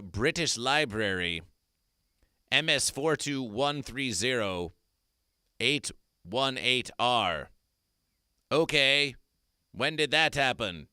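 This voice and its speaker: A man's voice: mid-range voice, sharp tone, clean tone, dry recording, clean studio sound. A man hosting an absurdist comedy stream, making grandiose, repetitive, mock-solemn proclamations. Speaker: comedy performer. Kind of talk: absurdist livestream chat.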